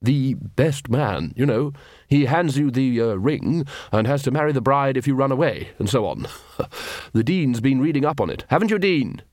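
In a lightly acted performance, a man voices a bluff, hearty older wizard chief who trips over his words. His mid-range voice is a little mellow with lively intonation at normal speed, recorded in a clean studio with no room sound.

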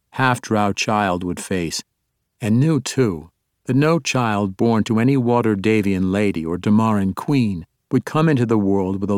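A man narrating an audiobook in a steady, expressive reading. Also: on the low side, no echo, clean studio sound. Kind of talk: scripted narration.

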